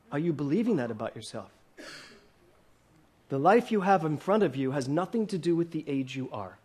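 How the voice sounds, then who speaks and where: A man's voice: mid-range voice, breathy edge. A man in his sixties giving a sermon to a congregation, posing many questions and joking with the room. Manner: asks the congregation many questions, playful and laughing at times. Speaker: minister. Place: church hall with a congregation.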